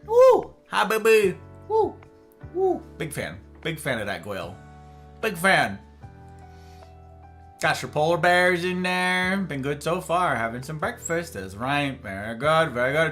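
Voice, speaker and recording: A man hosts a relaxed livestream, chatting playfully with his viewers. His pitch swoops all over and his tone is bright and forceful. Soft guitar music plays faintly behind him. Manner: animated and playful, greeting chatters by name. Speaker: livestream host. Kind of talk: casual chat with viewers.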